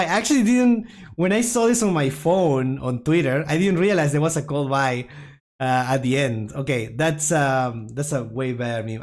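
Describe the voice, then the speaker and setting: Animated, giggly meme-reacting streamer. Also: medium pitch, moderate pace. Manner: laughs often, chatty, self-mocking. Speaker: streamer reacting to viewer-suggested memes. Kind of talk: casual reaction commentary to chat.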